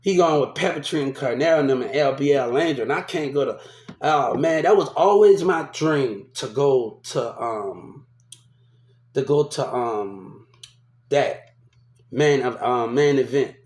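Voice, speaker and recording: New guy rambling, cussing, repeating himself, mid-pitched voice, room echo. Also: unhurried, darkish tone. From New Orleans. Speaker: vlogger. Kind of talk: casual rambling storytelling. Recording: echoey room.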